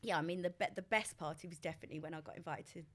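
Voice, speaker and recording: A woman, a guest in a casual chat, telling animated stories and breaking into loud laughter. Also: low voice, very fast. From England. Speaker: celebrity guest.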